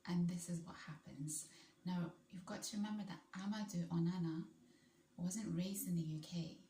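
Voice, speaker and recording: A woman's voice: fairly low pitch, steady tone, moderate pace, warm tone, roomy sound, slight background noise. A woman vlogging in casual, enthusiastic chat, rambling a little as she goes. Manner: chatty, enthusiastic, rambling with restarts.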